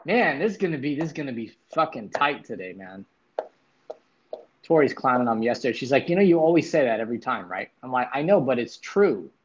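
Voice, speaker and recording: A man's voice: medium pitch, big pitch swings, brisk, husky. Casual male livestream host, dull sound. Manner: loose, chatty, swears casually, greets chatters by name. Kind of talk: casual livestream chat with viewers.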